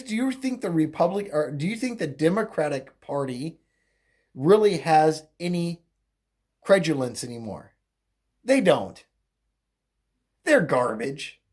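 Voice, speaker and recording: Commentary host, opinionated rant, mocking and rambling, slow pace, animated pitch. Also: husky. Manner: mocking, crude, laughs often at own jokes; rambling with fillers and self-corrections.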